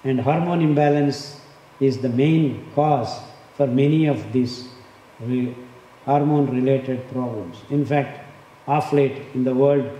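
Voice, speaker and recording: A man's voice: mid-range voice, dark tone. Emphatic older man in echoing hall. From India. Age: 60s. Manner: emphatic, repeats words for effect. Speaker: speaker on diet and health. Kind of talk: impassioned talk. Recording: echoey hall, faint background noise.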